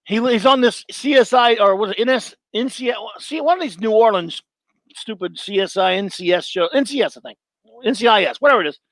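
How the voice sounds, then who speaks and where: Higher-voiced middle-aged man, blunt. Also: lively intonation, fairly quick, a bit bright, dry recording. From Louisiana. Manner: blunt and opinionated, rambling with restarts. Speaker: show host. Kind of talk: casual live-show monologue, answering chat.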